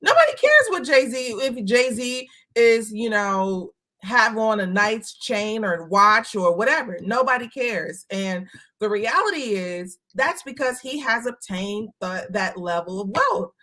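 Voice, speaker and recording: A woman's voice: medium pitch, takes it slowly, bright, forceful tone. A woman from Chicago talking candidly in a casual chat, emphatic and blunt, swearing now and then. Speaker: co-host.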